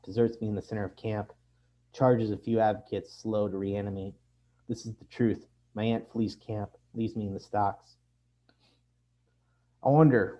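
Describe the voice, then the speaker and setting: A man reading his own fiction aloud in a measured, deadpan delivery, in a dull lo-fi recording. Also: lowish voice. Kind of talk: literary reading.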